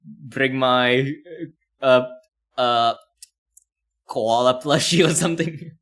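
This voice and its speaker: A man's voice: mid-range voice, takes it slowly, a bit bright. A man streaming casually, commenting on a video with rambling talk full of fillers and laughs.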